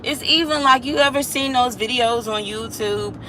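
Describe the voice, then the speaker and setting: A woman's voice: a little high, normal speed, pushed and bright, a little hiss or hum, rough recording. A woman, talking casually and reflectively to her viewers, now and then singing a line. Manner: chatty, reflective, slips into singing. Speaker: vlogger. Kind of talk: casual talk to camera.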